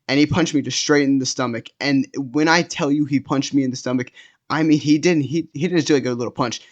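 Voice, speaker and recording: A man's voice: mid-range voice, brisk, dull audio. A young man telling a story casually, rambling, with lots of fillers and restarts. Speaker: storytime vlogger.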